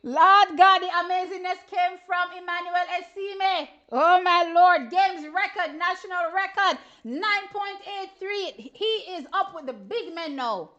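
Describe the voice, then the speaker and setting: A Jamaican woman with a high voice gives excitable live reactions to races on a stream. She piles on exclamations and talks straight to her viewers. The audio is dull and lo-fi. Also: a little slow, hardly any pauses. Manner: excitable, laughing, exclamatory, with chatty asides to viewers. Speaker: track and field stream host. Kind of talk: animated live reaction commentary.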